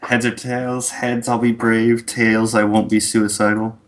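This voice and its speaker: A man playing a tabletop game, speaking in a wry, low-key way. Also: flat delivery, unhurried. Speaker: player. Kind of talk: casual game table chat.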